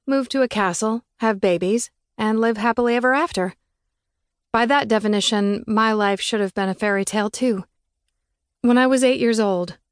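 A woman's voice: mid-range voice, dry recording. A woman narrating a first-person audiobook in an earnest, reflective manner, recorded close on a studio mic.

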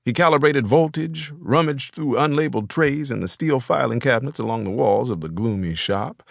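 A man narrating an audiobook in a measured, even storytelling manner. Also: mid-range voice, creaky, no echo, clean studio sound. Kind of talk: scripted narration.

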